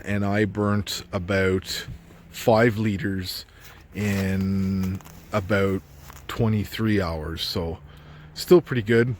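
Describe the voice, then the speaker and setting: Casual guy, camping vlogger, jokey and relaxed, recorded outdoors with faint noise. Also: lowish voice. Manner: laid-back, chatty, jokey. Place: snowy riverside campsite outdoors.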